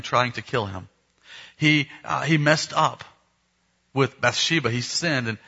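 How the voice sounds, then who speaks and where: A man's voice: mid-range voice, pushed and bright, breathy edge, dull audio. A man, preaching a sermon and telling a family story, acting out the dialogue. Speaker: pastor.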